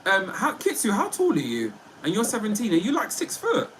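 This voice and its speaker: A chatty man hosting a livestream, his fairly high voice swinging up and down with lots of life. His tone is bright and forward, and he talks playfully to his chat. A faint hiss sits under the recording. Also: wildly swooping pitch, fairly quick, low-quality recording. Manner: chatty and playful, often laughing. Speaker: livestream host. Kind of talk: casual livestream chat reading viewer comments.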